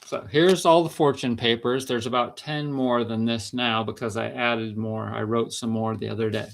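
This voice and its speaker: A man's voice: mid-range voice, steady tone, moderate pace, creaky, a little hiss or hum. A man vlogging about natural health in a casual, rambling monologue, chatty and laughing between sentences.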